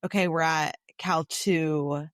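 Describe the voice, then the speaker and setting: A woman's voice: low voice, steady tone, slow pace, dry recording, studio quality. A woman co-hosting a podcast, responding in casual conversation, hesitant and sympathetic. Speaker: podcast co-host.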